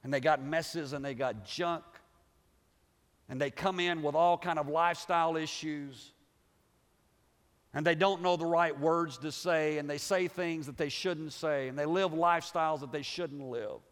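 A man preaching a sermon as pastor. He swings between shouted high points and hushed, low, slow passages. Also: fairly even intonation, long reverb tail.

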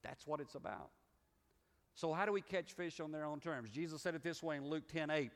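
A middle-aged man with a Southern US accent delivers a folksy, conversational sermon, circling back and restarting his phrases as he goes. His voice sits on the higher side for a man. The sound carries a long reverb tail from a church sanctuary. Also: brisk. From Southern United States. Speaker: pastor.

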